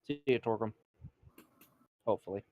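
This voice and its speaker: A man's voice: lowish voice, moderate pace, no room sound, dull audio, lightly acted. A man voicing a young woman adventurer in a tabletop game, dry and matter-of-fact, close to his own voice. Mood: resigned.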